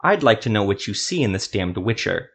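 A man voicing a gruff male gnome rebel who speaks accusingly. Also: lowish voice, very animated, a little fast, a bit bright, full character voice.

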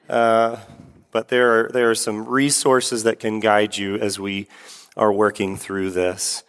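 Casual pastor preaching in an echoey hall. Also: male voice, lowish voice, flat delivery, clean tone. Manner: casual, halting, with many fillers and restarts. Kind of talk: sermon.

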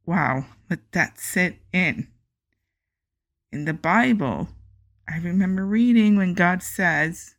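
A woman hosting a faith podcast, speaking earnestly and with passion, and reading scripture slowly and emphatically. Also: fairly low pitch, vocal fry, a bit bright. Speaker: podcast host.

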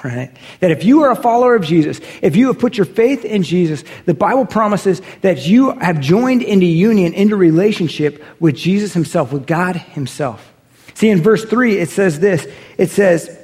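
A man in his thirties delivers a church sermon, his voice sitting notably high. He preaches earnestly and with emphasis, reading scripture and then explaining it, pushing his voice up on the points that matter. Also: animated, normal speed, darkish tone. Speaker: pastor.

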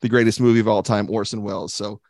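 A man's voice: fairly low pitch, fairly even intonation, fast talker, gravelly, darkish tone, dry recording, studio quality. A man co-hosting a casual movie podcast, rambling and laughing often, with many restarts. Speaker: podcast co-host. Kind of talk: casual chat about movies.

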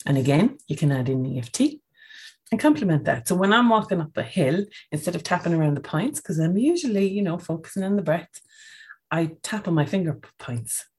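A woman's voice: fairly low pitch, lively intonation, fairly quick, a little mellow, breathy edge. A woman giving a casual, coaching podcast talk on breathing, often checking in with "okay?".

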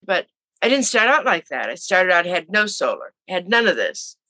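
Speaking at normal speed in a fairly low voice with no echo, a woman in her seventies tells her story casually as an interview guest. She animatedly performs the voices of anyone she quotes.

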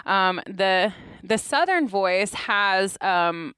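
A young adult woman, a researcher guest on a podcast, explaining her work in relaxed conversation and often laughing. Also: mid-range voice, very slow, smooth, dry recording. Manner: explains at length, laughs often, quotes voices. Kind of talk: casual interview talk.

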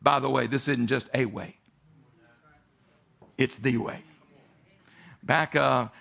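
An older man preaches with a gravelly, bright edge to his voice. His pitch climbs and falls widely as he swings from loud emphatic peaks to quiet low drops. It is a pastor's sermon, delivered with force.

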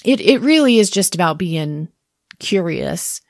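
A woman in her thirties speaks in a lowish voice. She talks candidly and reflectively in a relaxed podcast conversation and laughs easily. The sound is close and dry. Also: a little slow, creaky, no room sound. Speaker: parent and therapist guest.

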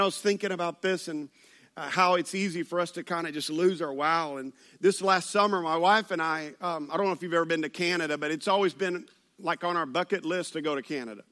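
A pastor with a high, bright voice preaches with animated storytelling. He mixes personal anecdotes and playful asides into his message. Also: brisk. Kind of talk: sermon.

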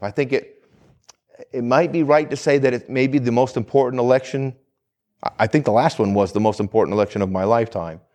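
A man's voice: mid-range voice, darkish tone. A man, a pastor, giving a conversational sermon that repeats phrases and asks the congregation questions.

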